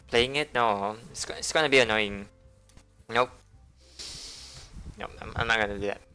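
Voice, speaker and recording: A male game streamer with a bright, crisp voice chats casually with his viewers and reads game narration. He talks in a chatty, stumbling, self-amused way. Faint music runs behind him. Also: on the low side, normal speed, pauses often.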